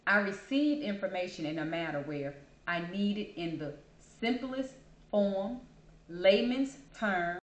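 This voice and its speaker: A woman's voice: mid-range voice, lively intonation, a little slow. A woman hosting her own show, talking casually and chattily about herself and calling listeners "baby". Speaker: podcast host. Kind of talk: casual personal monologue. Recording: echoey room.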